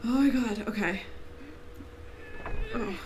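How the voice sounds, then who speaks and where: A woman streamer giving live let's-play commentary, excitable and reactive, laughing, yelping, swearing freely and talking to the game characters. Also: fairly high pitch, slow pace, background noise. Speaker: gaming streamer.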